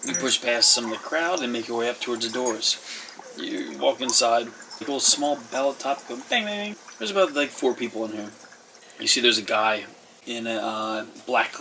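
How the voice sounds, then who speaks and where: A man narrates a tabletop game as its game master, rambling along with plenty of fillers. His voice is bright and sits a little low. He sounds set back from the mic, with a faint hiss underneath. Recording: distant mic with faint noise.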